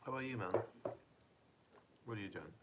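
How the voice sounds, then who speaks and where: A tired man streaming from home on his phone, talking softly and casually as he reads chat aloud and answers viewers. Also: lowish voice, animated, very noisy. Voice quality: soft-spoken, deliberately quiet. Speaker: livestreamer reading chat.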